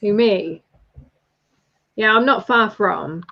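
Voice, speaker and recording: Woman, London accent, giggly chatty livestream co-host, slow talker, muffled call audio. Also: mid-range voice, vocal fry. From England. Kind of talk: casual livestream chat.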